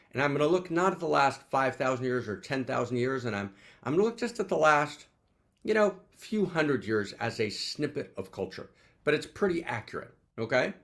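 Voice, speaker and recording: Man, animated teaching talk, lively pitch, exuberant, repetitive rhetorical questions, video call sound. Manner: exuberant, repeats questions, peppers talk with "right?". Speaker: teacher leading an online gathering.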